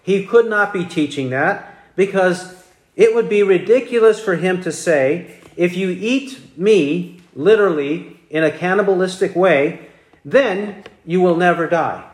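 A man delivers a verse-by-verse sermon in a high, measured voice, pressing his points with rhetorical questions and repetition. He speaks slowly and deliberately. The sound carries a noticeable room echo. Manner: emphatic, repeats key phrases, rhetorical questions. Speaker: preacher. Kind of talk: expository sermon.

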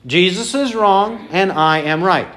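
Preacher guy, slow and emphatic, lots of questions, higher voice. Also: a bit bright. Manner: questioning, emphatic, repeats key phrases. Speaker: pastor. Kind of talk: sermon.

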